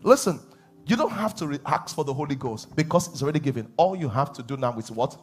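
A man preaching a sermon as pastor, animated, laughing and acting out voices. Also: a little high, fast talker. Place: church hall.

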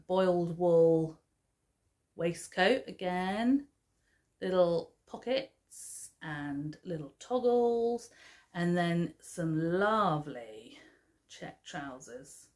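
Slow, chatty woman vlogger, low-pitched. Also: lively intonation. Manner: chatty, fond, with fillers and soft laughs. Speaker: craft vlogger. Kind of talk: casual show-and-tell chat.

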